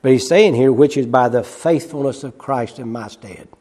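A man preaching a sermon. He swings between loud, quick emphasis and hushed, slow passages, and repeats key phrases. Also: mid-range voice, breathy edge. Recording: long reverb of a large hall.

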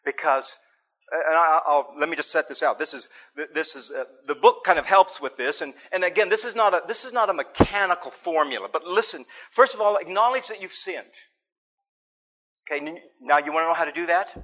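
A man with a fairly high voice preaches a sermon in earnest, his delivery swinging from hushed asides to loud, pressing emphasis. He sometimes slips into sheepish voices to act out examples. The recording sounds dull and lo-fi. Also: expressive, fairly quick. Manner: acts out little spoken examples in a sheepish tone.

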